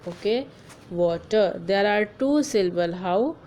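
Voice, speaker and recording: A woman teacher giving a grammar lesson, spelling letters out slowly and often checking in with "clear?" and "okay". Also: medium pitch, animated, darkish tone, slight background noise, rough recording.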